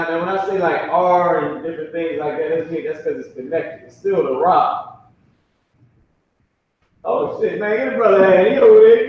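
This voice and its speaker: A man teaching a language class in a classroom with a whiteboard, talking loose and slangy and drilling pronunciations by repeating them slowly. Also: on the high side, a little hiss or hum. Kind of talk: casual classroom instruction. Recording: echoey room, distant and muffled.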